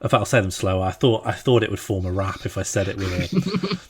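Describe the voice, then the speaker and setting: A man's voice: low voice, big pitch swings, fast talker, a little hiss or hum. A young man hosting a casual game livestream, joking and laughing as he rattles off long lists. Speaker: streamer playing a strategy game.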